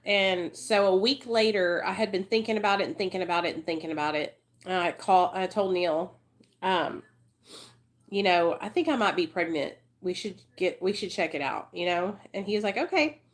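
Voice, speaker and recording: A woman's voice: fairly low pitch, steady tone, normal speed. A woman in her thirties telling her life story to livestream viewers, chatty and emotional, swearing freely and calling them y'all. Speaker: livestream host.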